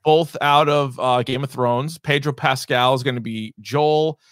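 A man's voice: mid-range voice, steady tone, measured pace, fairly bright tone, dry recording, studio quality. A man co-hosting a podcast, rambling through entertainment news in casual chat and swearing now and then. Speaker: podcast co-host.

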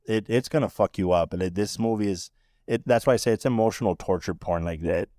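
A man's voice: on the low side, quick pace, warm tone, dry recording, studio quality. A man co-hosting a podcast in casual chat, emphatic and profane, speaking with emotion. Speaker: podcast co-host.

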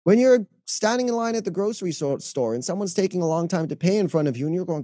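A man with a mellow, warm tone and a swooping, animated delivery, talking as a mental health coach on a podcast. His pitch sits a bit high for a man. He slips into quick acted-out inner voices as he explains, and the recording is dry and close. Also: no room sound. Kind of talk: podcast interview talk.

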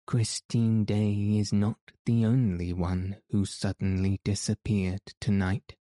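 A man's voice: lowish voice, level tone, slow, mellow, dry recording, studio quality. A man voicing a furious, suspicious male opera secretary in an audiobook, speaking in an accusing, insistent way.

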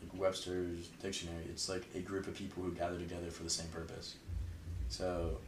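A man's voice: deep voice, a little fast, reverberant, recorded from a distance, noisy background. A young man chatting casually as an interview guest, rambling and filling his talk with "like". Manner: relaxed, rambling, heavy use of "like". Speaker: interview guest, fraternity member.

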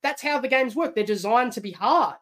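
Animated Australian woman making her case. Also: on the high side, fairly quick. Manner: animated, argumentative, acts out quotes. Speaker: podcast guest, former contestant. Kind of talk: casual podcast chat.

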